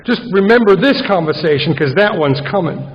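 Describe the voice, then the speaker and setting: A man's voice: sits high, expressive, a little fast. A man giving a wry recovery talk at a conference, telling a story and acting out his own inner voice. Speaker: AA conference speaker. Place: large conference hall. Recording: muffled conference hall recording.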